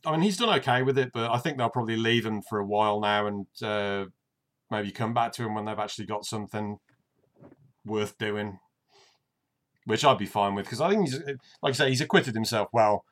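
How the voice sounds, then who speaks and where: A man with a fairly low voice chats casually as a co-host. He talks in a relaxed, halting way, packing in fillers and the odd swear word. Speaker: podcast co-host. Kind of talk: casual wrestling review chat.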